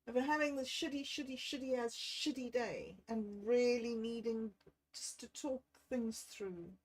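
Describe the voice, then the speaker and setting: A woman, talking on a livestream about a bad day. She thinks aloud in a candid, self-deprecating way and sounds low and unwell. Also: low-quality recording. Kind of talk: rambling personal livestream.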